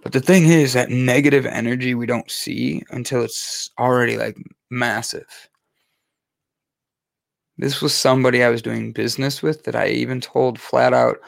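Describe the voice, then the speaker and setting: Gravelly man venting candidly. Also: medium pitch, fairly even intonation, normal speed, no echo. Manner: candid, emphatic, uses repetition and swearing. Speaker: podcast host. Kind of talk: personal monologue on mental health.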